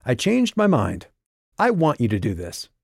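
A man voicing a sharp-tongued young woman, a defiant bounty hunter who makes biting, sarcastic threats. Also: medium pitch, huge pitch swings, moderate pace, vocal fry, husky, no room sound, clean studio sound, pitched above the performer's own voice, heavily acted.

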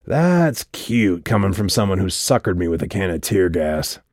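A man's voice: deep voice, very animated, moderate pace, a little mellow, dry recording, clean studio sound, exaggerated voice. Man doing a growling, mocking clown-faced stranger. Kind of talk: audiobook character voice.

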